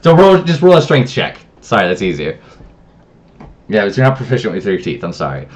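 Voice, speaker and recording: A man's voice: on the low side, huge pitch swings, a little fast. A man running a tabletop game as game master, narrating and talking loosely with many restarts.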